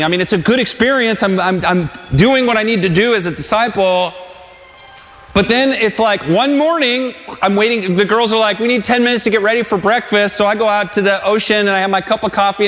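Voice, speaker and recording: A man's voice: high-pitched, a bit bright, long reverb tail. A pastor preaching a sermon to a congregation in a loose, conversational way, often restarting his sentences.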